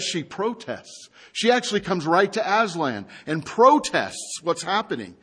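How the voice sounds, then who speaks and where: Brief: male pastor, high voice, unhurried sermon delivery, lively storyteller asking the room questions. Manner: animated storytelling with rhetorical questions.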